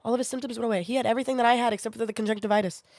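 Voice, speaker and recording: A woman in her twenties, sick with a sinus infection, tells her stream a rambling, animated story packed with swearing in casual chat with a live audience. Her voice is fairly high and rapid-fire. The studio sound is clean, with no echo.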